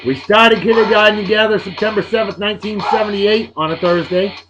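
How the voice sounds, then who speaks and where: A man, hosting a show and giving chatty, upbeat shout-outs with playful asides. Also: high voice, fairly quick, lo-fi sound, over music. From Massachusetts, USA. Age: 40s. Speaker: video show host. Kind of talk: casual birthday shout-outs.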